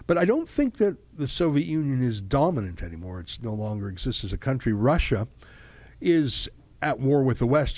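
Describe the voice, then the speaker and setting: A man giving a monologue of political commentary, deliberate and stretching key words. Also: mid-range voice, darkish tone, no echo.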